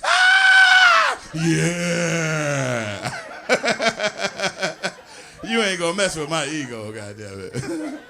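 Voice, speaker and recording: A man doing a loud, crude stand-up routine on a live comedy stage, laughing through his punchlines. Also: a little high, very animated, drawn-out words, creaky, long pauses, over a noisy crowd.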